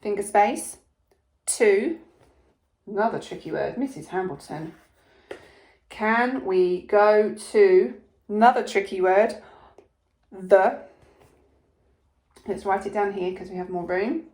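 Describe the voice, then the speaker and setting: A woman teaching a phonics lesson to young children, sounding out letters slowly and clearly with plenty of encouragement, in an English accent. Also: mid-range voice, darkish tone. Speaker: primary school teacher.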